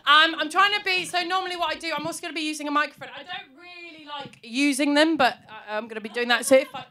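A woman's voice: high voice, fast talker, bright, forceful tone. A woman stand-up comedian talking on stage in a rambling, self-deprecating way. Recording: live comedy club with audience laughter.

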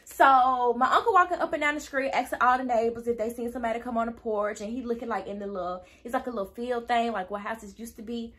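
A woman's voice: a little high, fairly even intonation, fast talker, few pauses, a bit bright. A young woman telling a casual storytime to her viewers, chatty and easily sidetracked, acting out quoted dialogue. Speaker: vlogger.

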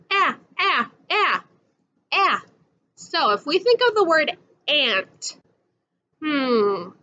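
Bright, slow-talking woman teaching phonics. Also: sits high, lo-fi sound, slight background noise. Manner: slow, patient, sing-song, drawing out sounds. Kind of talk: recorded phonics lesson for young children.

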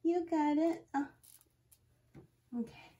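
A high-voiced young woman talks unhurriedly into a phone camera as she fits a wig. She exclaims often and narrates each step of her wig install to viewers in casual self-talk, veering between excitement and nerves. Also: takes it slowly, highs cut off. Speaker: wig review vlogger.

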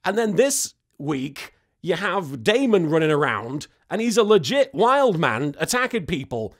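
Male host, high voice, sarcastic comedic recap commentary. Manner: sarcastic, exasperated asides. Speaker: host recapping an anime episode.

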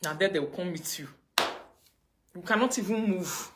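A Nigerian woman ranting on a livestream, mocking and scolding, her voice swinging between loud outbursts and low mutters. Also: normal speed, long pauses. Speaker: livestream host. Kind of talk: casual livestream rant.

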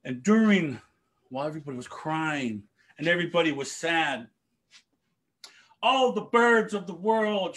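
A man telling a traditional story to young people, animated, with spoken sound effects. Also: a little high, a little slow, pauses often.

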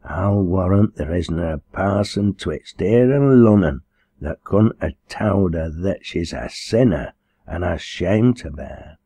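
A man's voice: sits low, lively intonation, slow pace, mellow, husky, dry recording, exaggerated voice. A man voicing a stubborn young pit girl who speaks bluntly and steadily in a broad Lancashire dialect. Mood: stern.

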